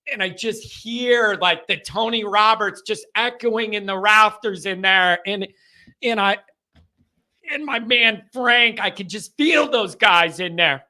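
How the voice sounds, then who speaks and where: Male call-in host in his thirties, high bright voice, rambling jokey rants. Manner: rambling, animated, jokey rants with sudden shouts. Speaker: host of a call-in sports show. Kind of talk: casual chat reading fan comments.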